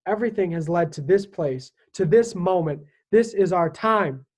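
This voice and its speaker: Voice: mid-range voice, normal speed, darkish tone, lightly acted. A reader voicing a stern, commanding Union army captain rallying his troops before battle. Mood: rousing. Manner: commanding, rousing.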